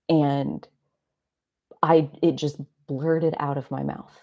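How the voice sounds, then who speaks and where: A woman's voice: deep voice, little pitch movement, slow, pauses often, warm tone. A woman in her thirties hosting a live stream, telling personal stories in a rambling, confessional way. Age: 30s. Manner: rambling, confessional, many "like" fillers. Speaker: astrology live stream host. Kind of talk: reflective personal storytelling. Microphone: live stream mic.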